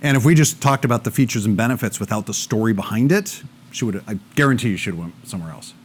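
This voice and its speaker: Animated man telling sales stories. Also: on the low side, fast, slight background noise. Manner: animated storytelling, acting out both sides of dialogues. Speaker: speaker. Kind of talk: live talk to an audience.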